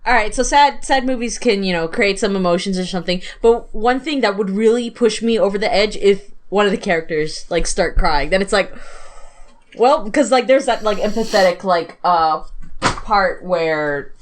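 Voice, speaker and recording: A woman co-hosting a relaxed podcast chat, with a middle-pitched voice. She talks in loose, rambling bursts and laughs easily. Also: normal speed. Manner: chatty, self-deprecating, laughs easily.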